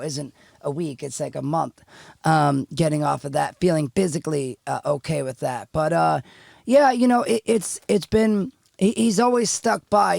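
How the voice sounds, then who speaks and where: A middle-aged man speaks as a podcast guest. His voice is heavily gravelly and sits a little high for a man. He rambles candidly and restarts often, close to the mic in a dry, dead room. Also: dry recording. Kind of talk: casual storytelling chat.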